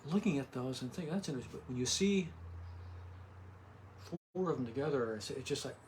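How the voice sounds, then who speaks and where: An older man talks about his art in a small home studio, with a mid-range voice. He speaks quietly and tends to trail off and restart his thoughts. A faint hum of the room sits under him. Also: mid-range voice, animated, fairly quick. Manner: soft-spoken, trails off and restarts. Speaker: artist guest. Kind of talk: casual interview.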